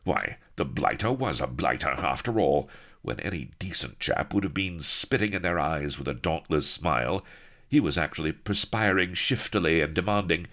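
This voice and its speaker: Super deep gravelly guy reading a funny adventure book, voice swings around a lot. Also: lively intonation, normal speed, fairly bright tone. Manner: wry, mock-heroic storytelling. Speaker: narrator. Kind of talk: comic audiobook narration.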